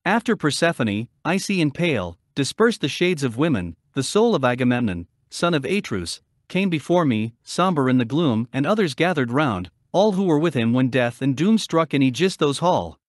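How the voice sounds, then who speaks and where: A man narrating an epic poem as an audiobook in an expressive, dramatic reading. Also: medium pitch, normal speed, hardly any pauses, no echo, clean studio sound. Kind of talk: scripted narration.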